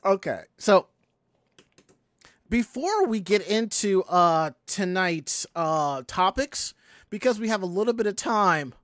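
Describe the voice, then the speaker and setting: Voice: medium pitch, expressive, slow, fairly bright tone, no echo, clean studio sound. A podcast host chatting casually in a rambling way, with lots of restarts and asides. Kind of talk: casual chat.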